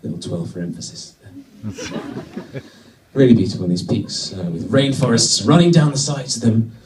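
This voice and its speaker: A man from Britain doing a stand-up routine, telling a wry story with sudden excited bursts. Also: mid-range voice, moderate pace, far from the mic, noisy background. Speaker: stand-up comedian. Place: comedy venue with a live audience. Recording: echoey venue, mic from afar.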